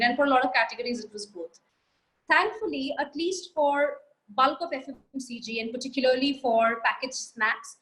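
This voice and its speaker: A high-pitched woman with an Indian English accent answers audience questions. She talks in a brisk, confident way and sets out her points in order. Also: fairly bright tone, low-quality recording. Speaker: marketing guest speaker. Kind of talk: live Q&A answer.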